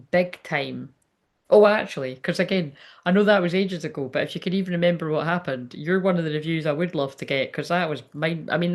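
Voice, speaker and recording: A woman medium chatting casually during a live reading, rambling, laughing often and swearing freely. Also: low voice. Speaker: psychic medium.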